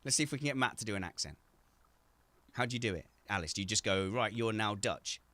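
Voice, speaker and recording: A man's voice: on the low side, lively intonation, fast, sharp tone, no echo. A man hosting a casual video-call chat from home, joking and teasing, with frequent stumbles and restarts. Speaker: host.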